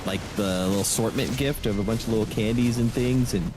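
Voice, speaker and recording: A man's voice: fairly low pitch, a little fast, noisy background. A man in casual voice chat during a game, chatty and loose, full of likes and restarts.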